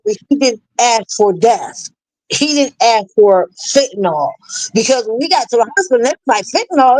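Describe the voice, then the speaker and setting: A middle-aged woman telling a personal story as an interview guest, halting and earnest, full of fillers and restarts. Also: fairly high pitch, a little mellow, no echo, poor audio. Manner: earnest, plain-spoken. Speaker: interview guest, bereaved mother. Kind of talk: emotional personal storytelling in a live chat.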